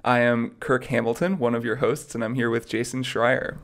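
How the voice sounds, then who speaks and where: A man's voice: mid-range voice, steady tone, normal speed, a bit bright. A man co-hosting a podcast, chatting casually and playfully. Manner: playful, joking. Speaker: podcast co-host. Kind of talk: casual chat.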